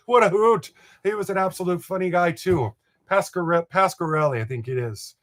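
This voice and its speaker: A man's voice: high voice, sing-song, moderate pace. An older man from Montana hosting a live model train stream, chatting in a rambling, folksy way and chuckling as he reads viewer comments. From Montana, USA.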